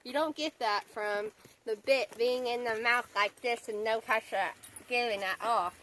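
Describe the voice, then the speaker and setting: A woman's voice: on the high side, normal speed, fairly bright tone. Chatty woman horse trainer, outdoors. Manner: chatty, repeats key words for emphasis. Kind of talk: instructional commentary while riding. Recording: noisy outdoor audio with hoofbeats.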